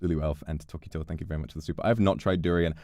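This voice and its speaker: A young man chatting casually with his chat, playful and swearing freely, with quick restarts. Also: very deep voice, steady tone, a little mellow, dry recording, studio quality, soft background music. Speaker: streamer. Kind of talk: casual chat reading donations.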